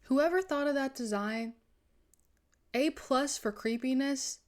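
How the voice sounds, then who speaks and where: A woman's voice: high-pitched, slow pace. A young woman streaming a video game, chatting animatedly with her viewers and reacting to the story. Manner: animated, chatty, reads game text aloud. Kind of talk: live gaming commentary.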